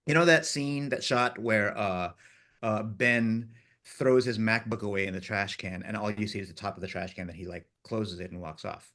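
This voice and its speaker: A man, a film director, chatting in an interview and telling animated stories from the set, acting out his crew's lines and laughing often. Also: lowish voice, moderate pace. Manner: animated storyteller, acts out crew voices, laughs often. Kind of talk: casual interview chat.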